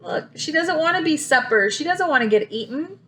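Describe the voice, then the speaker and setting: A woman teacher reading a picture book aloud to young children, gasping often and pausing to ask them questions. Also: high voice, slight background noise, rough recording. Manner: expressive, frequent gasps, asks listeners questions.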